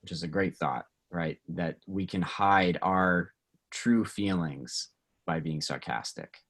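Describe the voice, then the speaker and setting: Low-voiced guy pastor chatting with a youth group, lots of ums, easygoing. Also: takes it slowly. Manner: relaxed, many fillers and restarts, asks the group questions. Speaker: pastor leading a teen Bible study. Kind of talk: casual group discussion.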